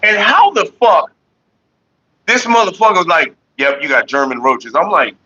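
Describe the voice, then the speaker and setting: A man with a bright, husky voice rants and tells stories at home for his stream viewers, swearing freely and acting out the people in the story. The audio is dull and lo-fi, as if picked up by a cheap webcam mic. He sits a little high in pitch for a man. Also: moderate pace. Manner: animated, profane, slips into quoted voices. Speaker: livestream host. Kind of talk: casual profane storytelling to viewers.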